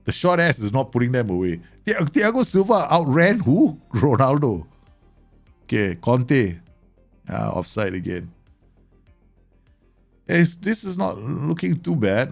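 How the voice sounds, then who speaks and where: A man commentating live on a football management game, excitable and teasing, bursting into exclamations. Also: medium pitch, creaky.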